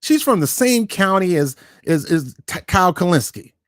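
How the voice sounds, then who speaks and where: A man's voice: sits high, sing-song, moderate pace, dry recording, clean studio sound. A man hosting his own online show, giving ranting political commentary in an emphatic, confrontational way and repeating words for stress. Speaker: YouTube commentary host.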